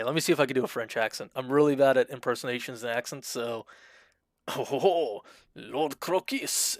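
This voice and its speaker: A man casually commenting while streaming a video game, talking in a fairly monotone way and reading the game's options aloud. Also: medium pitch, no room sound. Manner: self-described monotone, dry delivery.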